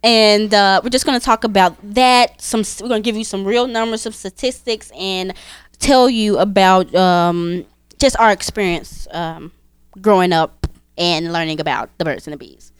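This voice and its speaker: A woman hosting a podcast, asking her co-hosts questions in relaxed casual chat. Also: mid-range voice, smooth, no echo. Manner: unhurried, asks questions, lively intonation. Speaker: podcast host.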